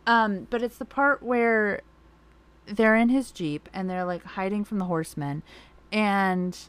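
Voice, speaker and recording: A woman's voice: mid-range voice, a little slow, clean tone. Rambling young woman gushing as a fan. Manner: rambling, lots of "like", swears freely. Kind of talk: casual chat.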